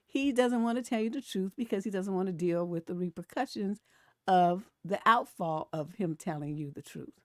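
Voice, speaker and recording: A woman's voice: medium pitch, moderate pace, no room sound, clean studio sound. A woman over forty hosting a live stream, chatting casually about memes and posts and laughing often. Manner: chatty and animated, laughs often, reads comments aloud. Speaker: relationship coach and live-stream host.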